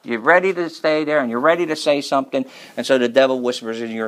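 A man's voice: mid-range voice, brisk. A man preaching a sermon on marriage in a folksy, joking manner.

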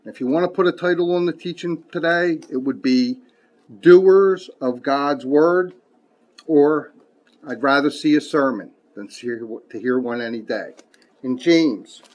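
Fairly high-voiced emphatic male preacher. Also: measured pace, darkish tone. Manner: emphatic, reads scripture aloud, folksy asides. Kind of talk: sermon.

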